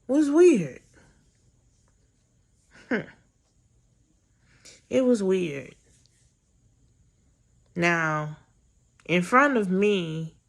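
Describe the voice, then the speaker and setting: Slow, gravelly woman telling a blunt story. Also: deep voice. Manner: candid, blunt, profane storytelling. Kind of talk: casual storytime vlog.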